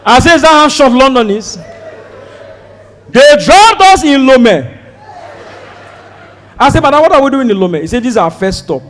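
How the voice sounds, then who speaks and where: Nigerian man, stand-up comic, high voice, wildly swinging pitch, storytelling. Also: normal speed, long pauses, big-room sound. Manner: animated, acts out dialogue with sudden loud outbursts. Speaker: stand-up comedian.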